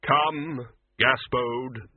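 A slow, grave Death, a skeletal male figure who speaks in flat, measured words, as a man puts him on. The voice is husky. The sound is thin and phone-like, as from a radio reading. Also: medium pitch, dry recording.

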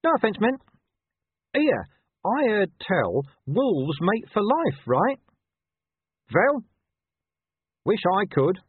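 A man's voice: high voice, sing-song, slow, long pauses, husky, no echo, pitched above the performer's own voice, full character voice. Man doing a cheeky scruffy mongrel dog. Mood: wheedling. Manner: wheedling, chancing his luck. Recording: tinny lo-fi dry recording.

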